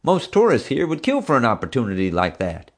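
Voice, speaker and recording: A man's voice: mid-range voice, huge pitch swings, fairly quick, voice pushed up. A man voicing a grinning billionaire who teases and mocks a frightened man. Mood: smug. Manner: smug, mocking.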